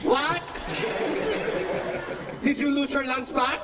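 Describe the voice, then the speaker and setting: A man in his fifties putting on his mother, yelling endless demanding questions at her young son on a comedy stage. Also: steady tone, slow pace, background noise. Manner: shrill repeated demanding questions. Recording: distant stage mic, roaring crowd.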